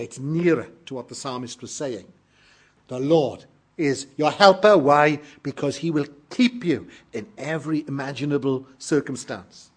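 A British man preaching a sermon, reading scripture and explaining it in an earnest, emphatic way. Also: mid-range voice. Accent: British English. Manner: earnest, emphatic preaching with sudden loud peaks.

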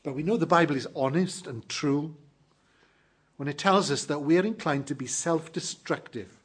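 A man preaching a morning sermon to his congregation, earnest and emphatic, slowing down to stress key phrases. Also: fairly high pitch, slightly rough. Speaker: pastor.

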